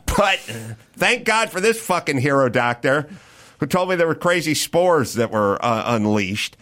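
Guy hosting a podcast, sharp bright voice, cussing through an animated story. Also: a little high, unhurried. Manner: profane, animated anecdote with acted-out quotes. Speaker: podcast host. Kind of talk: casual storytelling chat.

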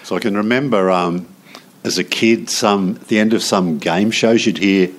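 Low-voiced man asking interview questions. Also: normal speed. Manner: brief prompts and questions. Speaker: podcast interviewer. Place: podcast studio.

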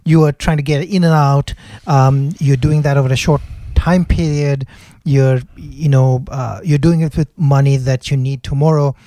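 A man's voice: medium pitch, fairly even intonation, moderate pace, mellow, no room sound. A man co-hosting a finance podcast, explaining his views thoughtfully with frequent hesitations and restarts. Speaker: podcast co-host, investment analyst. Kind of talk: casual explanatory chat.

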